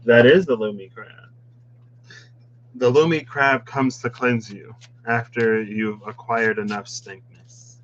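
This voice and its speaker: A man's voice: medium pitch, unhurried, highs cut off. A man reading tarot cards in a casual chat, musing aloud with playful asides. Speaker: tarot reader. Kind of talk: casual tarot deck walkthrough.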